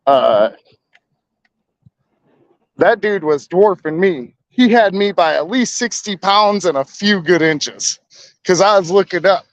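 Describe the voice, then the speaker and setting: A man's voice: sits high, expressive, slow, long pauses. A man in his thirties casually telling a long story, rambling and slangy with lots of fillers. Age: 30s. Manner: rambling, laid-back, slangy, lots of "like" and "you know". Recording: slightly dull lo-fi audio.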